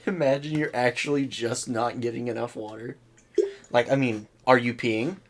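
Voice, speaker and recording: A young man co-hosting a podcast, making dry, deadpan, teasing remarks. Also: medium pitch, normal speed, a little hiss or hum. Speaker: podcast co-host. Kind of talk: casual chat.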